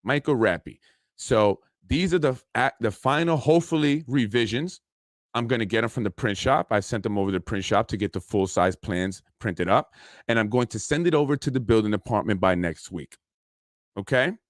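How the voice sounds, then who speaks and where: A man's voice: mid-range voice, normal speed, dry recording, studio quality. A man hosting his own podcast, talking casually in an aggrieved, indignant, rambling way. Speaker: podcast host. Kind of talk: casual solo podcast monologue.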